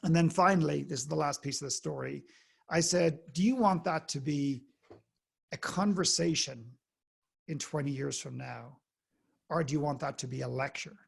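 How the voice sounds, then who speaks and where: An Irish man, a guest speaker on a podcast, telling anecdotes in a lively way and acting out the people in them. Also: on the high side, normal speed, vocal fry, husky. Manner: animated anecdote-telling, acts out the people in his story. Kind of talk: storytelling in a conversational interview.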